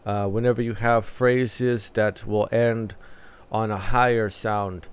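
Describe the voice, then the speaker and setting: A man runs a music reaction channel, working through a track thoughtfully and analytically with lots of filler pauses. His voice sits on the low side, with a steady, clean tone.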